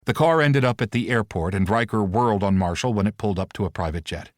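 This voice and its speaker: A male audiobook narrator with a low-pitched voice, reading in a steady, expressive storytelling manner. The recording is very dry and close, with no room sound. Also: fast, dry recording.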